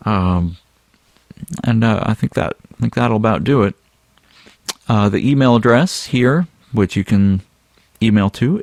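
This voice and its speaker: A man co-hosting a podcast, relaxed and chatty with plenty of ums and uhs. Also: on the low side, no room sound, clean studio sound. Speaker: podcast co-host. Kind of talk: casual podcast chat.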